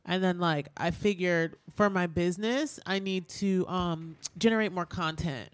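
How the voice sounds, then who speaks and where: A woman's voice: fairly low pitch, a little slow, smooth, no room sound. Candid, swearing woman radio host. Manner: candid, swears freely, lots of "like". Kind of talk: casual radio chat. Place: radio studio.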